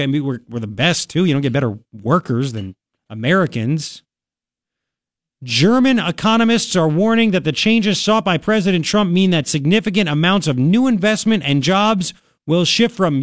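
A man's voice: on the high side, no room sound, studio quality. Sarcastic male talk radio host. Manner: sarcastic, opinionated, rambling with fillers. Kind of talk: casual talk radio commentary. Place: radio studio. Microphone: studio microphone.

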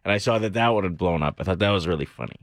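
A man's voice: deep voice, racing, dry recording. Man, morning radio co-host, casual joking banter, dry close studio sound. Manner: joking, easygoing, laughs often. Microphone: studio microphone.

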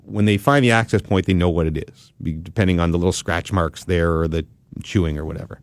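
A man hosting a podcast who tells a story in a casual, animated way and laughs often. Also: low-pitched, fast, no room sound. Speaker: podcast host.

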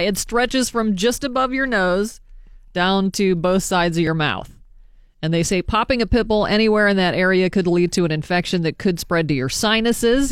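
A woman in casual chat on a talk show, calmly relaying health facts in a matter-of-fact tone. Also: fairly low pitch, smooth, no echo, studio quality.

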